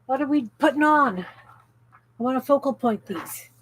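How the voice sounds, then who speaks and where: A woman's voice: high voice, lively intonation, moderate pace, slightly rough, rough recording. A woman hosting a craft livestream from her home craft room, chatting casually and reading out viewer comments as she works. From Canada. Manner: chatty, reads out viewer comments while working.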